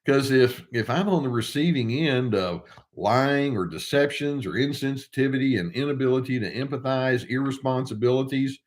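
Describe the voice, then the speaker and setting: A man's voice: mid-range voice, moderate pace, few pauses. An older man, a therapist, talking casually and wryly to the camera while he thinks aloud. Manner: wry, conversational, thinking aloud.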